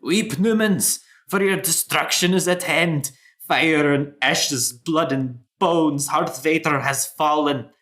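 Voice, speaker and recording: A man voicing a frantic male dwarf herald who warns of doom, his voice trembling as he proclaims loudly and urgently. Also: fairly high pitch, slow, voice pushed up.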